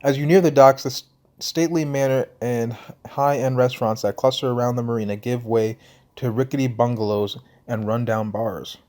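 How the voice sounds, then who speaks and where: A young gameplay commentator from the St. Louis area reads a story game's text aloud, casual and slangy, occasionally talking with his mouth full. His mid-range voice holds a steady, darkish tone at a moderate pace.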